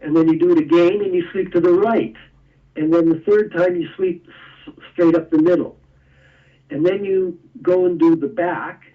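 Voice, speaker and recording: The guest here is an energy tool maker, walking through his explanation one step at a time in a relaxed interview and letting out a few chuckles. He speaks at normal speed in a high, steady voice, and the distant mic gives a lo-fi sound.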